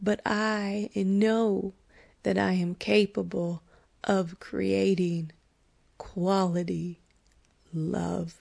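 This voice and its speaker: A woman in her forties hosts a podcast, giving an earnest, candid confessional monologue that's frank, sometimes profane, and broken by bursts of laughter. Her medium-pitched voice is darkish with vocal fry, and her delivery is flat, slow and deliberate.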